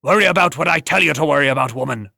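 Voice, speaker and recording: A man voicing a gruff, bossy tavern owner in an audiobook. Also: mid-range voice, steady tone, normal speed, sharp tone, no room sound, clean studio sound. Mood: commanding.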